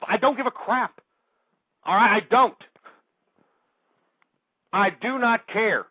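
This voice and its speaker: Abrasive high-voiced man ranting on radio. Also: no echo. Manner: abrasive, insulting, shouting at callers. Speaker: radio call-in host. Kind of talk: aggressive talk radio rant. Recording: dry, tinny phone-like audio.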